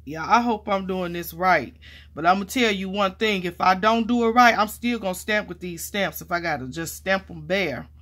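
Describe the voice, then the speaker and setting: A woman vlogging casually while mounting stamps, chatty and excitable, calling viewers y'all and honey, and dropping to quiet murmurs as she works. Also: medium pitch, moderate pace. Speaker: crafting vlogger. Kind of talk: casual chat while crafting.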